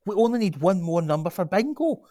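A man's voice: high voice, a little fast, dry recording, clean studio sound. A man playing an earnest Glaswegian local. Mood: persuasive. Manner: earnest, persuasive, animated. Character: earnest local man, grandson of a chip-shop cook. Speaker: local man pitching a gym. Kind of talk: radio drama acting.

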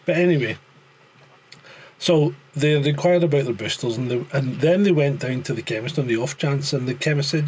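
A man's voice: mid-range voice, a little fast, darkish tone, a little hiss or hum. A Scottish man in casual podcast chat, blunt and sweary, with a joking edge. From Scotland. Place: living in France.

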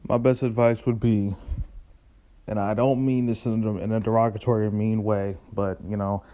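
A man's voice: fairly low pitch, little pitch movement, moderate pace, narrow, tinny audio. A man calling in with blunt advice, cursing freely over a call line. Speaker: caller. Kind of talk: casual advice.

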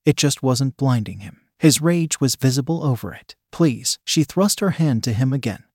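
Dry, steady male story narrator. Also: medium pitch, moderate pace, slightly rough, dry recording. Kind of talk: scripted narration.

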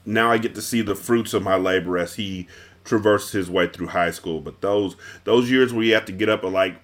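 A man's voice: fairly low pitch, normal speed. A middle-aged man in casual chat, retelling a story with rambling fillers and restarts.

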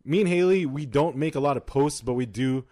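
Casting note: young male podcast co-host, mid-pitched voice, relaxed and easygoing. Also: fairly quick. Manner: relaxed, laughs often, wraps up the show. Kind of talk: casual chat.

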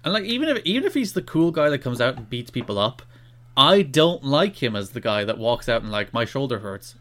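A man co-hosting a podcast in casual chat, ranting in an animated, exasperated way. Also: mid-range voice, fairly quick. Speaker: podcast co-host.

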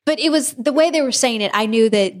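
A pregnant woman co-hosting a podcast, telling a story in a casual, animated way with frequent laughs. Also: fairly high pitch, fast talker. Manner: animated, laughing often, acting out family members' lines. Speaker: podcast co-host.

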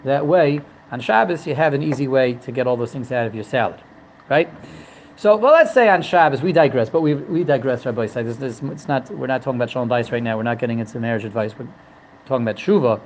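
A man's voice: mid-range voice, fast, slight background noise, rough recording. A man teaching a religious text, humorous and digressive, often repeating and restarting his phrases. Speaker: Torah teacher. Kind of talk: religious lesson.

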